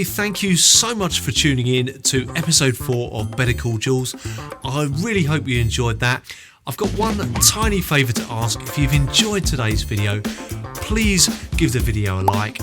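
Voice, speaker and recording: A man's voice: mid-range voice, normal speed, over loud music. A man explaining drum technique in a friendly online lesson. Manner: friendly, explanatory, lively delivery. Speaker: drum teacher.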